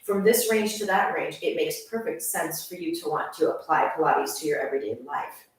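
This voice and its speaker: A woman's voice: low voice, lively intonation, moderate pace. A young woman fitness instructor who talks to her viewers in an enthusiastic, chatty way. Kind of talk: casual channel introduction. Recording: very echoey room, voice far from mic.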